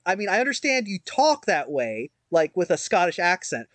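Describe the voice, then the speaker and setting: A podcast co-host with a fairly high, very animated voice chats casually at a moderate pace, rambling, mocking himself and constantly restarting sentences amid lots of fillers. The audio is dry and close-miked with no echo.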